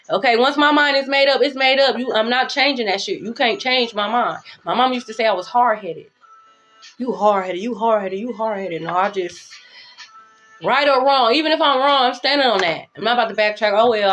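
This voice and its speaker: Brash, profane high-voiced woman tarot reader. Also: fairly bright tone. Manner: brash, profane, sings along and shifts pitch playfully. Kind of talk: casual tarot reading monologue.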